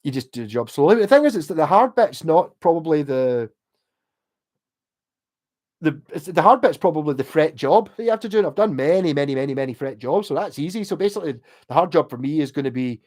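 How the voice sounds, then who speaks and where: A man's voice: fairly high pitch, a little mellow. A Scottish man rambling casually on a livestream about guitar repair, with many restarts and the odd swear word.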